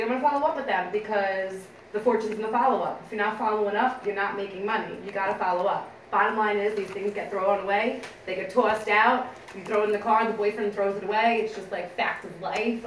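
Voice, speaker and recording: A woman's voice: medium pitch, steady tone, fast talker, hardly any pauses. A woman gives a casual, upbeat training talk to a small group, chatting and laughing often. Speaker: team trainer. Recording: echoey room from a distance, faint background noise.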